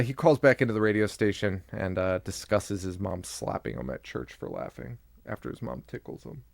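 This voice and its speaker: A man's voice: mid-range voice, creaky, no room sound, clean studio sound. A man co-hosting a horror podcast, recapping a movie in casual chat, joking, laughing often and acting out lines. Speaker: podcast co-host.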